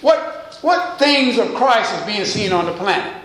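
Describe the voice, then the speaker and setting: A man preaching a sermon as pastor, pausing to quiz his congregation with call-and-response questions. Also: sits high, lively intonation, reverberant, a crowd in the background, rough recording. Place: church.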